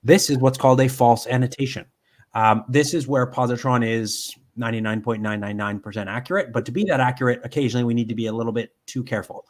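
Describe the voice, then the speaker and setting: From home, a man runs a live software demo, walking through it step by step. His medium-pitched voice has fairly even intonation and a quick pace, with frequent ums and restarts.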